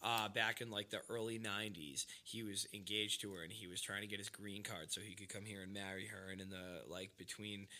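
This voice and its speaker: A man with a bright, forceful tone and a fairly low pitch talks in a loose podcast chat. He is from Massachusetts, rambles and swears freely, and leans on "like" and "dude". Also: fairly even intonation, a little fast, few pauses. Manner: rambling, profane, fillers like "like" and "dude". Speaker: podcast host. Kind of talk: casual storytelling chat.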